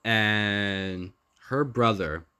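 A man's voice: on the low side, drawn-out words, pushed and bright, clean tone. A young man vlogging casually, rambling and repeating himself with hesitant restarts as he talks through messages. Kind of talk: casual commentary reading out text messages.

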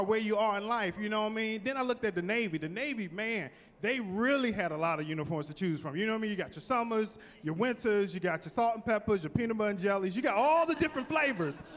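High, lively male stand-up comic in a hall. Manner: animated, punchy delivery with rising exclamations. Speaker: stand-up comedian. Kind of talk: stand-up comedy set. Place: large theater stage. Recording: live hall with long reverb.

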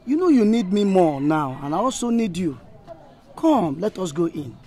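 An actor with a Nigerian accent playing a persistent suitor who flatters and wheedles. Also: male voice, sits high, moderate pace, music in the background. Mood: wheedling. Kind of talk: film dialogue.

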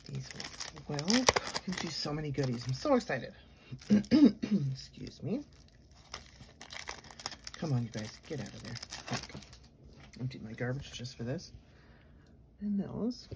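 A woman vlogger narrating a casual unboxing at her desk, chatty and gushing, murmuring asides softly. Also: extremely low pitch, very animated, moderate pace, long pauses, noisy background. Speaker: nail art vlogger. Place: home nail studio desk.

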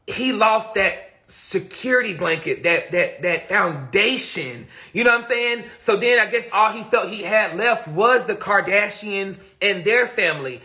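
A man's voice: sits high, vocal fry, pushed and bright. A man hosting a livestream rant, blunt and profane, reading chat comments aloud between points, speaking into a phone. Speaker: livestream host.

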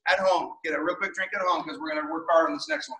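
Male martial arts instructor, high bright voice, upbeat and encouraging, calling out drills; recorded from across an echoey studio. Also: very animated, quick pace, creaky, recorded from a distance. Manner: upbeat, encouraging, casual with fillers.

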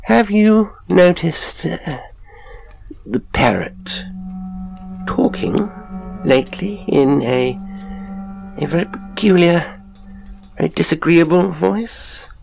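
A man voicing a high-strung professor in a high, sharp voice, pressing his questions insistently. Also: expressive, slow pace, creaky, long pauses, soft background music, full character voice. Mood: agitated. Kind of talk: audiobook character voice.

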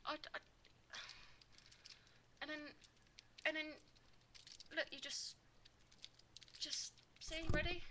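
A woman's voice: sits high, bright, forceful tone, slight background noise. A woman giving a casual, blunt toy review on a poor built-in microphone, swearing constantly and muttering as she handles the toy.

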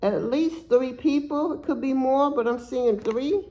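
A woman's voice: high voice, a little slow, dark tone, rough recording. Blunt, profane woman doing a tarot reading. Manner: blunt, profane, emphatic street talk. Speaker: tarot reader.

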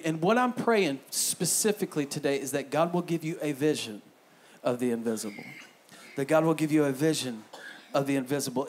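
A man in his thirties preaching a sermon as pastor in a church, joking and acting out inner voices. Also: extremely high pitch. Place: church sanctuary.

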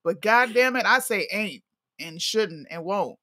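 A woman's voice: medium pitch, animated, unhurried, bright, forceful tone, no echo, clean studio sound. A woman co-hosting a casual chat stream, blunt and outspoken, with lots of slang. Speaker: co-host.

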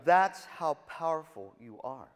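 Speaking at a measured pace with lively intonation, a man with a slightly high voice gives a humorous keynote to band directors. He jokes and pokes fun at himself through stories, and the big conference hall adds long reverb.

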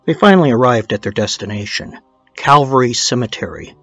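A man's voice: mid-range voice, lively intonation, a little fast, a bit bright, soft background music. A man narrating a true-crime documentary in a casual storytelling way, dropping in blunt, swearing asides.

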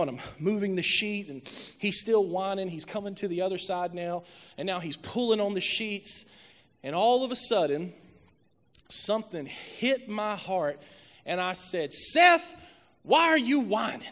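A man preaching a sermon as a pastor, telling a family story and building to loud, impassioned preaching. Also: high-pitched, moderate pace. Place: church sanctuary. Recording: reverberant church hall.

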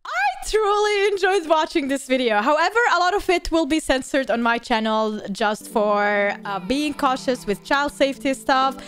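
A woman with a high voice that leaps all over her range reacts to clips. She talks in an animated, casual way and laughs easily. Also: normal speed, few pauses, faint music behind. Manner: animated, laughs often, calls viewers "bros". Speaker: YouTube reaction host. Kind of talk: excitable reaction commentary.

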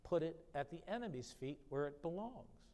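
A pastor delivers a sermon in a fairly high voice that rings through a church with a long reverb tail. He reads scripture with rising emphasis, then drops into plain, conversational explanation. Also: expressive, moderate pace, darkish tone. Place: church sanctuary.

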